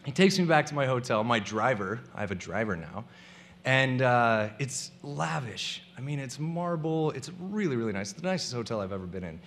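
Animated, lively-pitched young man telling a story. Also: moderate pace, slight background noise. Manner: animated, comic, acts out the people he quotes. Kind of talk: personal story told to a live audience.

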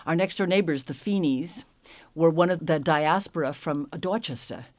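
A woman's voice: low-pitched, normal speed. A woman in her seventies reminiscing in a matter-of-fact way in an interview. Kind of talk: conversational interview.

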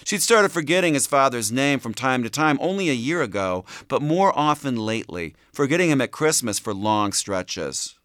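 A man reading a novel as an audiobook narrator, in a steady storytelling manner. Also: medium pitch, normal speed, few pauses, no echo, clean studio sound. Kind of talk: scripted narration.

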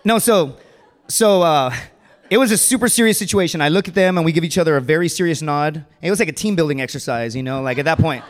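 A man on a comedy stage spins a long, rambling story in a fairly high voice, full of fillers and little laughs at himself. His voice rings out with a long hall reverb. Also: fast. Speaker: stand-up comedian. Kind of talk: stand-up storytelling.

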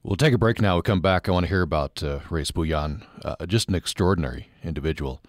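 A man's voice: low voice, fast, no room sound, clean studio sound. A man hosting a radio interview show, speaking hesitantly with many uhs. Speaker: radio host.

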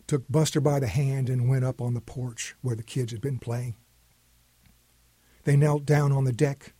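A man telling a story in a calm, homespun way. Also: mid-range voice, no echo. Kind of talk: storytelling narration.

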